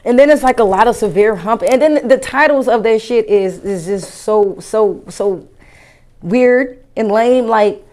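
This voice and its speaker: A woman comedian riffs, crude and incredulous. Her voice sits a little high and swings up in disbelief. She talks in a loose, profane stand-up rant. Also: unhurried, darkish tone.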